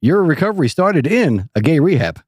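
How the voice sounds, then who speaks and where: A man's voice: a little high, big pitch swings, moderate pace, a little mellow, no echo, studio quality. A man co-hosting a podcast, chiming in with short teasing remarks during casual chat. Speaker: podcast co-host.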